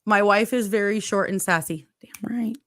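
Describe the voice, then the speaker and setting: A woman's voice: medium pitch, moderate pace, fairly bright tone. A woman hosting a casual livestream chat, reading viewer comments aloud and laughing often. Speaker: host.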